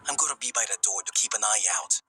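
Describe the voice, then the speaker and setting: A man voicing a cool, dry-witted young secret agent in an animated cartoon. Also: fairly low pitch, quick pace, soft background music, poor audio. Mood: calm. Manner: dry, sarcastic.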